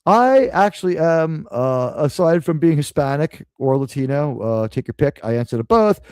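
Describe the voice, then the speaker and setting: A man from New hosts a live stream in a loose, rambling way. He swears freely and turns sarcastic, and his voice sits fairly high for a man. The sound is close and dry, with no room around it. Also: expressive, normal speed, a little mellow, smooth, no room sound. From New York City. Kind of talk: casual live-stream rant.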